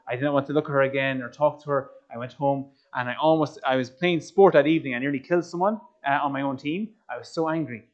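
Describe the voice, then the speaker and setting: A man giving a personal testimony talk, telling his story in an animated way and turning to the audience with questions. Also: mid-range voice, fast, hardly any pauses. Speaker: speaker. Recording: slightly muffled recording.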